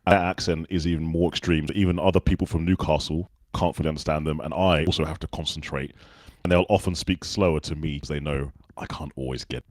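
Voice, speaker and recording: A man's voice: rumbling low, quick pace, dry recording, studio quality. A man from the UK with a well-spoken, non-regional Southern English accent, a podcast guest chatting casually and acting out the people in his stories. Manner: relaxed storyteller who acts out other people's lines. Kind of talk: casual interview chat.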